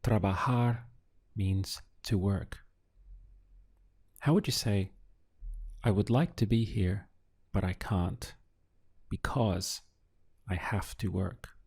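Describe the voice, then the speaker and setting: A man whose first language is Spanish, giving a slow audio language lesson and drilling phrases with patient pauses. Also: fairly low pitch, darkish tone, slightly rough. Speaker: Spanish tutor.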